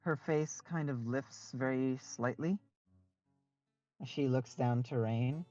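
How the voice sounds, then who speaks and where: A game master narrating a tabletop game in a halting way, often stopping to restart. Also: mid-range voice, mellow, dry recording, muffled recording, soft background music.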